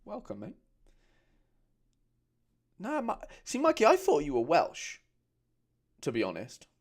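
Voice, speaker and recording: Slow and breathy, this man's slightly high voice swoops wildly in pitch. He's the host of a laid-back livestream, chatting away, reading out viewer comments, and addressing people as mate.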